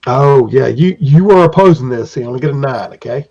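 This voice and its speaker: A man's voice: medium pitch, moderate pace, warm tone. A man acting as game master, narrating a tabletop game in a rambling, descriptive way on a dull lo-fi recording.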